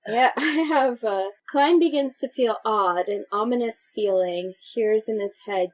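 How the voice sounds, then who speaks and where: A woman co-hosting a movie podcast with a fairly high voice. She retells the plot in an animated, giggly way. She keeps up an easy, chatty tone with her co-hosts. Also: a little slow, few pauses, rough recording. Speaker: podcast co-host. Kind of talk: casual chat recapping a movie.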